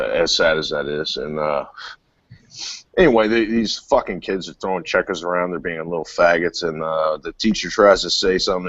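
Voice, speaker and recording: Man, very low voice, profane rambling storyteller; dry, dull lo-fi audio. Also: dry recording. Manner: rambling, swears constantly, laughs while telling stories. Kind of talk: casual chat, profane storytelling. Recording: dull lo-fi sound.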